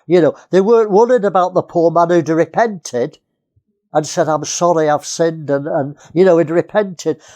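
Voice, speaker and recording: A man's voice: a little high, normal speed, a little mellow. A man from England preaching a sermon, earnest, repeating key phrases and often restarting.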